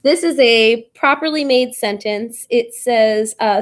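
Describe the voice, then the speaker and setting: A woman's voice: on the high side, lively intonation, takes it slowly. A woman teaching a live online class, chatty and informal, often stopping to ask "right?" and using a lot of fillers.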